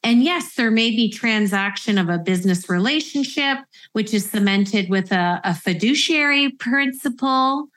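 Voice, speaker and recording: A woman in her fifties hosting a podcast, speaking earnestly and reflectively, slowing down to stress key phrases. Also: fairly high pitch, lively intonation, a bit bright. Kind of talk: reflective conversational interview.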